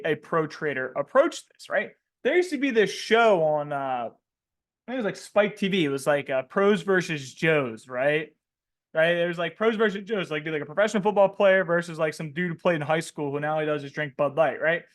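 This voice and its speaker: A man coaching traders in a live webinar, asking the audience questions and tacking "right?" onto nearly every line, with a slangy, joking manner. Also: fairly high pitch. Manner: animated, asks questions and tags "right?" constantly. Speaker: trading coach.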